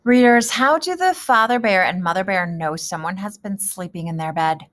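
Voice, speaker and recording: A woman teaching a kindergarten reading lesson, gentle and encouraging, who asks the children questions and then answers them. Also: mid-range voice, moderate pace, faint music behind.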